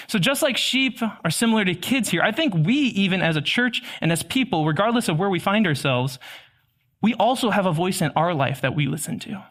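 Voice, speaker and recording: Young male preacher, light high voice, relaxed conversational sermon with jokes. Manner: casual, chatty, self-deprecating humor.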